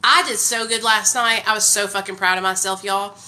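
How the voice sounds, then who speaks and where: Hyped, bright-voiced woman chatting live. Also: medium pitch, a little fast. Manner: hyped, energetic talker; heavy use of "like" and "y'all". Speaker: live streamer. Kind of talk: casual live stream chat.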